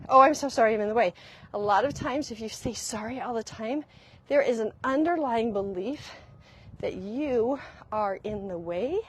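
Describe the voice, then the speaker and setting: A woman's voice: on the high side, a little mellow, slight background noise. A woman hosting a live talk as a relationship skills coach, speaking emphatically and repeating key phrases for weight.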